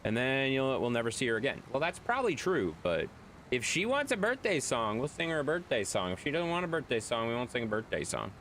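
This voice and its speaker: A man's voice: medium pitch, very animated, fairly quick, fairly bright tone, slight background noise. A man streaming live, chatting casually and rambling as he answers viewers' chat.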